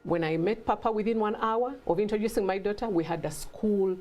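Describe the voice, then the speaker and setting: A woman's voice: mid-range voice, a little fast, a crowd in the background. A middle-aged woman with a mixed African and British accent, a guest telling her story in a conversational interview and acting out quoted voices.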